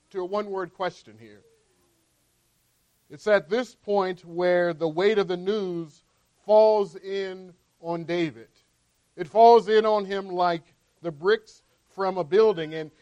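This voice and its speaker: Male preacher, high voice, conversational sermon delivery with frequent "right?" check-ins. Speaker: pastor.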